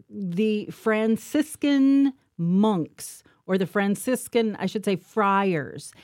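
A woman's voice: mid-range voice, a little mellow, no echo, studio quality. A woman co-hosting a chatty faith talk show, explaining history with enthusiasm. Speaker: co-host. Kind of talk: casual chat.

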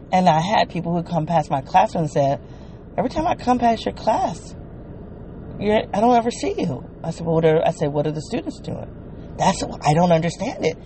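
Middle-aged woman, podcast host, rambling and self-amused, quick laughs. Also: sits low, darkish tone, a little hiss or hum. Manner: self-amused, laughs often, thinks aloud. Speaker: podcaster and former teacher. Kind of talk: casual solo monologue.

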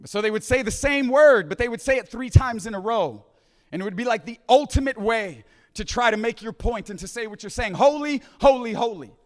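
Brief: male preacher, high-pitched, "right?" asides, big reverberant hall. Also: fairly quick. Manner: repeats phrases, restarts, "right?" asides, drops to hushed quoting. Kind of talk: conference sermon. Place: large conference hall.

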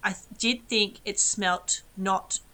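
A young woman co-hosting a podcast, chatting casually with quick asides and frequent laughs. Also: mid-range voice, steady tone, bright, forceful tone. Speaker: podcast co-host. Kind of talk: casual chat.

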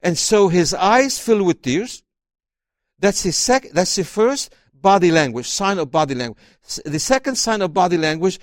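A man, an author and guest, talking about his book in an interview and reading passages aloud, expressive and often repeating words as he starts sentences. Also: sits high, moderate pace, no echo, studio quality.

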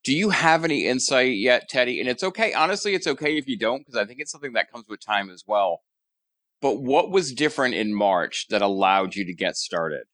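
A man's voice: medium pitch, animated, a little fast, fairly bright tone, no echo, studio quality. A man hosting a podcast, asking questions in an encouraging, reassuring way. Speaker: podcast host. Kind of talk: interview questions.

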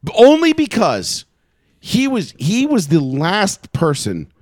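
A man's voice: sits high, wildly swooping pitch, a little mellow, no room sound, clean studio sound. Profane, joking man in casual chat. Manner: loose, profane, quick to joke.

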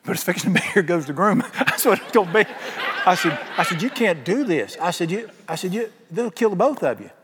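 A man preaching in a folksy storytelling way, acting out both sides of every conversation. His voice sits a little high for a man. The sound rings with the long reverb of a large hall. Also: big pitch swings, a little fast, hardly any pauses, noisy background. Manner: folksy storytelling, acts out quoted dialogue. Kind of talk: sermon.

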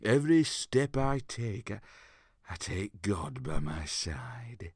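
A grand, self-important old king with a pious streak, as a man puts him on. He speaks slowly and drops to a husky hush in places. The pitch rises and falls widely. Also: sing-song, dry recording, clean studio sound, heavily acted. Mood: pompous. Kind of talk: comedy audio sketch.

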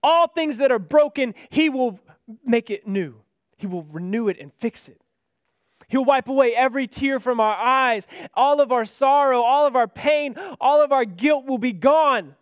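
Male preacher, very high pitch, earnest sermon delivery, dry close sound. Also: moderate pace, clear, resonant tone, dry recording. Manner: earnest, building to impassioned pleas then dropping soft.

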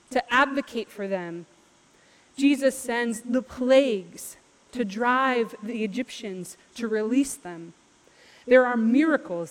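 Woman preaching in a reverberant hall. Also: a little high. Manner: casual, lively storytelling with playful asides. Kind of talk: sermon.

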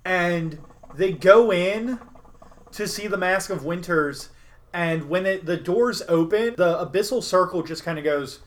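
A man's voice: high voice, a little slow. Rambling young man recapping a game. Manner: rambling, many fillers and restarts. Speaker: podcast host recapping a game session. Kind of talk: casual storytelling recap.

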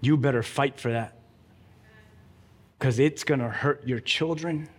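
A man's voice: medium pitch, unhurried, breathy edge, big-room sound. A man preaching a sermon as pastor, urging the congregation directly and with emphasis.

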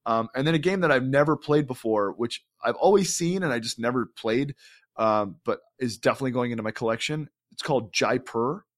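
A man's voice: medium pitch, brisk. A man co-hosting a podcast, telling an enthusiastic, rambling story in casual chat, full of fillers and restarts. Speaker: podcast co-host.

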